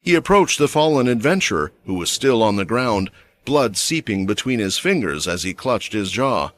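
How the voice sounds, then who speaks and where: A man narrating a fantasy story recap with an expressive, dramatic delivery. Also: lowish voice, moderate pace.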